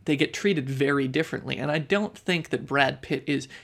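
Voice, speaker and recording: A man's voice: medium pitch, normal speed, gravelly, a bit bright. A man co-hosting a podcast, talking in a thoughtful way and restarting his sentences often. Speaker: podcast co-host. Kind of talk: casual chat.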